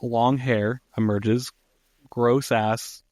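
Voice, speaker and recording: A man's voice: medium pitch, steady tone, drawn-out words, darkish tone, no room sound. A man hosting a podcast, recapping a film in a casual, laid-back way with lots of ums and uhs. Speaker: podcast host.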